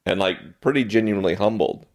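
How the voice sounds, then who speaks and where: A man making slow, drawn-out casual remarks in conversation. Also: lowish voice, darkish tone. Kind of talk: casual chat.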